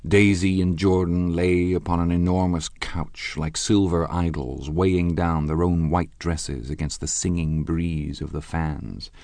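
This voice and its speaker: A man reads a novel aloud in a measured, even way. His voice is very low and gravelly with a lot of fry. The sound is dry and close, with no room around it. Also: no echo. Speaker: audiobook narrator. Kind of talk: scripted literary narration.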